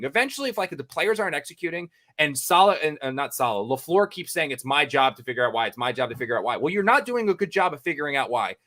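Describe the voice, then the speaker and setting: A man's voice: a little high, pushed and bright. Exasperated American man ranting on a podcast. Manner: exasperated, repetitive, swears freely. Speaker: podcast co-host, sports reporter.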